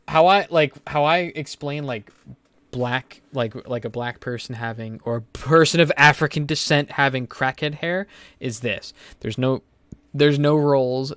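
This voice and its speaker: A man's voice: medium pitch, fairly bright tone, clear, resonant tone, no echo. A young man hosting a podcast, telling stories in a rambling, profane way full of fillers. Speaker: podcast host. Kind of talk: casual podcast chat.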